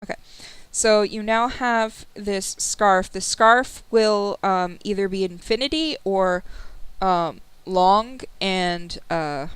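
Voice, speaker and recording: Unhurried woman narrating as game master. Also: mid-range voice, clear, resonant tone, dry recording, low-quality recording. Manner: relaxed, unhurried, with many fillers.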